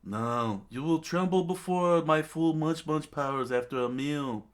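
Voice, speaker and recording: A man's voice: fairly high pitch, measured pace, pitched above the performer's own voice, natural voice. A man voicing a boastful, gluttonous male monster-king who eats everything, in a pompous manner. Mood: pompous boasting.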